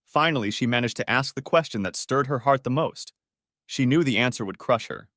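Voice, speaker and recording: A man's voice: medium pitch, fairly quick, fairly bright tone, no room sound, studio quality. Man reading a dramatic story aloud. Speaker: narrator. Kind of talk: storybook narration.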